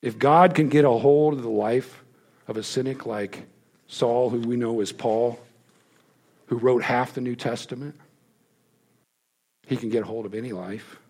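A man delivers a sermon with a gravelly, slightly husky voice. He tells the story emphatically, then drops his voice to hushed lows for effect. His pitch sits in a middling range for a man. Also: steady tone, measured pace, pauses often. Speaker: preacher.

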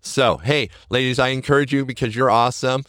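A middle-aged man speaks in an earnest, encouraging podcast style, coaching his listeners and repeating his main points. His voice sits at an ordinary male pitch. The recording is dry, with almost no room sound. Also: fairly quick, fairly bright tone, no room sound. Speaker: podcast host. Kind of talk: motivational podcast talk.

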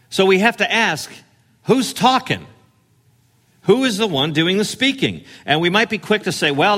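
A man's voice: fairly high pitch, fairly bright tone. A man preaching a sermon in a conversational, emphatic way, pushing his voice up on key phrases. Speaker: pastor.

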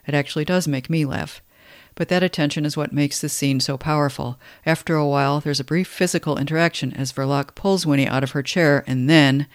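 A man's voice: fairly high pitch, no room sound, studio quality. Wry man commenting on a novel. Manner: wry, conversational commentary between read passages. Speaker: literary commentator.

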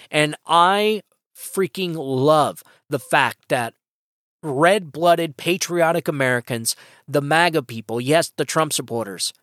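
A man's voice: a little high, fairly bright tone, dry recording, clean studio sound. A man hosting his own political podcast, delivering an impassioned, emphatic solo opinion monologue that rambles with frequent restarts. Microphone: podcast microphone.

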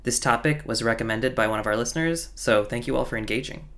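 A man co-hosting a podcast, reading a scripted intro in an upbeat, friendly and clear way. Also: mid-range voice, quick pace, a bit bright. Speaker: podcast co-host.

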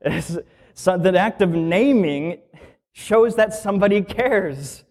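A man's voice: sits high, expressive, slow pace, a little mellow. Conversational man teaching a sermon. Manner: explains scripture plainly, asks the listeners rhetorical questions. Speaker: minister.

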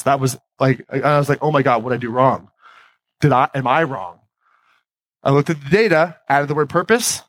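A man's voice: fairly high pitch, no echo. A man giving a motivational talk on stage, speaking conversationally and putting questions to his audience. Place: stage before a live audience.

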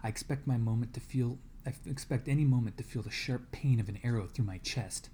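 A man's voice: medium pitch, fairly quick, dark tone, a little hiss or hum. A man reading a novel aloud to a class as a guest reader, dramatic and dropping to a whisper in tense moments.

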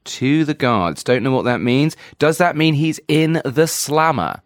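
A man co-hosting a podcast, teasing his partner with quick jokes in a casual chat about a book. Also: a little high, expressive, no echo, clean studio sound. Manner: teasing, jokey, quick asides. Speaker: podcast co-host.

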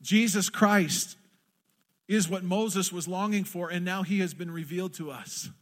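A man's voice: high voice, fairly even intonation, normal speed. A man preaching a sermon to a congregation, passionately acting out quoted prayers. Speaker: pastor. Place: church in front of a congregation.

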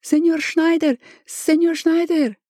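A woman voicing a frantic, chattering female housekeeper, talking fast and close to hysteria. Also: very high voice, level tone, mellow, no room sound, voice pushed up. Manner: breathless, rapid, near-hysterical.

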